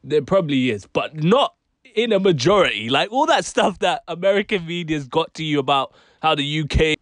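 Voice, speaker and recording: Animated, emphatic British man. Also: on the high side, normal speed, dry recording, studio quality. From United Kingdom. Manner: emphatic, exasperated, slangy. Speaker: commentary YouTuber. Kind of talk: opinion vlog commentary.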